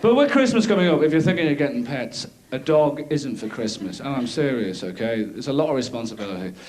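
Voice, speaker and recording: Animated Irish comedian with lively pitch. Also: male voice, fairly quick. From Ireland. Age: 30s. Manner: rambling, animated, self-mocking. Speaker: stand-up comedian. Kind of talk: live stand-up routine. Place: theatre stage. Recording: live theatre, audience laughter.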